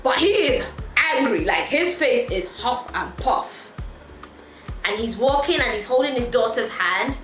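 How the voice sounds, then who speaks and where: Animated, high-voiced woman telling a story. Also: a little slow. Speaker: vlogger. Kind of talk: storytime vlog. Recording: echoey room, faint music.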